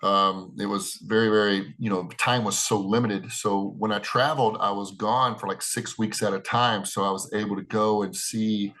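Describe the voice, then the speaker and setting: Rambling American man, low voice. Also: little pitch movement, moderate pace, few pauses, a bit bright. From United States. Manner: rambling, many restarts and "you know". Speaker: wrestler. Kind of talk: interview answers.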